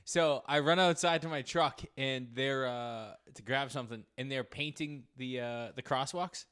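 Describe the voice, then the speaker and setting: A man, co-hosting a podcast, telling a story in a casual, lively way over a remote call. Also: mid-range voice, normal speed, clear, resonant tone. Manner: animated, shouts quoted lines when retelling. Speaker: podcast co-host.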